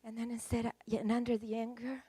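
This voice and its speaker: A woman's voice: fairly high pitch, little pitch movement, a little fast, mellow, breathy edge, no room sound. A woman preaching a sermon, telling a counseling story in an emotive, dramatic way.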